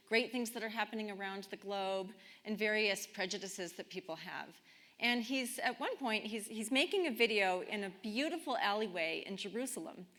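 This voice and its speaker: A woman's voice: medium pitch, a bit bright. Woman giving a chatty sermon. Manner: chatty, storytelling, with restarts. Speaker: speaker giving the talk. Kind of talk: conversational sermon. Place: chapel.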